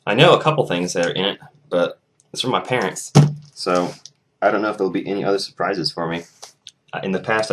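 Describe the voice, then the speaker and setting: A young man with a lowish voice chats casually to his camera in a vlog. He rambles and restarts his sentences, and his retelling is lively and loose. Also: heavy background noise. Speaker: vlogger.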